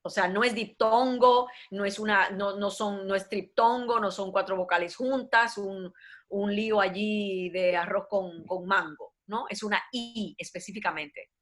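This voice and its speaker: A woman's voice: medium pitch, moderate pace, a bit bright. A woman, an acting and diction coach answering questions in an online workshop, slipping between English and with emphatic phrasing. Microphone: video call.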